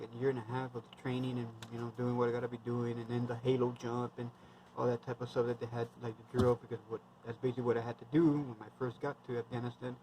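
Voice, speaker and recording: A man's voice: medium pitch, darkish tone, a little hiss or hum, low-quality recording. A man in his thirties, a military veteran, telling war stories in a rambling, blunt, heavily profane casual monologue.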